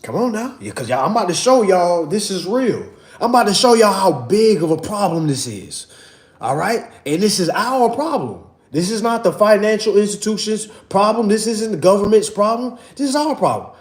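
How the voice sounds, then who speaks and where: Man, high lively voice, preachy and repetitive, livestream lecture, echoey room. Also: normal speed. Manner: preachy, repetitive, calls viewers "family" and "y'all". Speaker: livestream host teaching a finance class.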